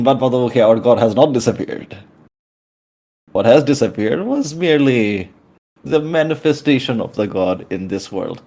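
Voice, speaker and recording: A man's voice: medium pitch, darkish tone, pitched above the performer's own voice. A man voicing a grandiose, power-drunk male cultist in a tabletop game. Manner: pompous, boastful.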